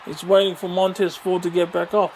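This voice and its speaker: Excitable man calling a wrestling game. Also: high voice, fairly quick, slight background noise. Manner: excitable, with frequent exclamations and mild swearing. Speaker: gaming commentator. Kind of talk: excited play-by-play over a wrestling video game.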